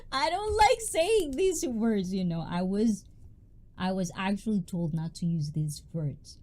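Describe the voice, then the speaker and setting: A woman, hosting a casual livestream in a loud, bubbly, chatty way and greeting viewers by name. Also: big pitch swings, slow pace. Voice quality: high-pitched. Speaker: livestream host.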